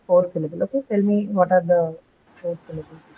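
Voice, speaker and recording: A woman's voice: on the low side, fairly even intonation, brisk, slightly rough. Patient woman teaching over muffled audio. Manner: patient, explains step by step with many ums and rights. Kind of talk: online English phonetics class.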